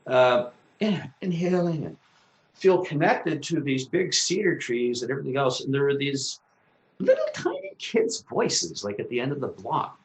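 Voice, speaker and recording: A man's voice: mid-range voice, wildly swooping pitch, moderate pace. A man, co-host of a talk show, casually telling a vivid personal story, acting out his own exclamations and swearing freely. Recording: echoey room.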